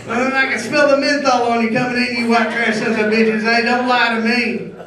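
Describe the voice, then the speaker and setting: A middle-aged man doing a stand-up comedy set on stage, telling loud, punchy jokes with shouted bursts. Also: extremely high pitch, little pitch movement, normal speed, a crowd in the background. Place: comedy venue stage before a live audience. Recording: echoey room from far off.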